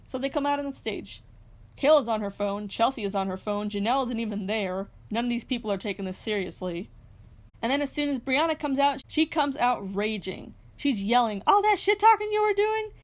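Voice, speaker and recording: A young woman narrating a reality TV recap in a scripted way, with sarcastic, snarky asides. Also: a little high. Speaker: recap host.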